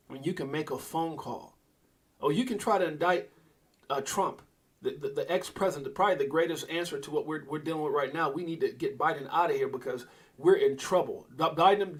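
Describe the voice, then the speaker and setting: A man hosting a live stream with a husky voice that sits a little high. He talks to his viewers in an excitable, rambling way, with his pitch jumping up and down as he goes. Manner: excitable, rambling, talks to chat and reads out posts. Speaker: crypto livestream host. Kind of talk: casual live commentary.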